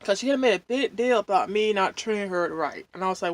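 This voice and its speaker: A woman's voice: mid-range voice, animated, fast talker, no echo. A woman vlogger chatting casually while eating, rambling and venting with lots of fillers and pleased hums between bites. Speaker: mukbang vlogger.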